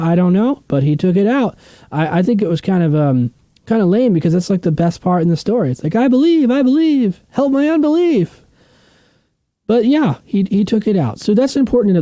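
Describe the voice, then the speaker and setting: A man's voice: a little high, mellow, no echo. A man teaching a Bible study in a casual, emphatic, conversational way, often checking in with his listeners.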